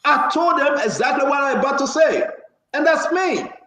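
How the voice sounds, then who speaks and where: A man's voice: very high-pitched, expressive, normal speed, bright, forceful tone, echoey room. A man hosting a heated political talk show, impassioned, cutting in and repeating himself for emphasis. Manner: impassioned, talks over others, repeats for emphasis.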